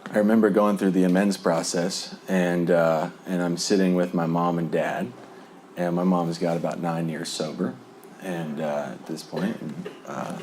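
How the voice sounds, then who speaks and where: A man's voice: sits low, level tone, measured pace, a little mellow, a little hiss or hum. A man from New Jersey telling his recovery testimony in a rambling way, with many fillers and frequent chuckles. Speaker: speaker sharing a recovery testimony. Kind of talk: personal testimony storytelling.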